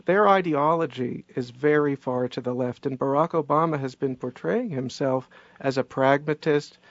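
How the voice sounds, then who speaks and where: A man's voice: mid-range voice, normal speed, no echo, highs cut off. A man being interviewed on a radio show, arguing his case insistently. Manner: insistent, argumentative. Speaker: author guest.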